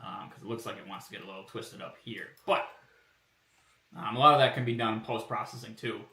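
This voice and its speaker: A man casually talking through his car body kit designs on a live stream, relaxed and rambling, thinking out loud with plenty of fillers. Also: on the low side, fairly quick, distant mic. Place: home workshop room. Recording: roomy, from away from the mic.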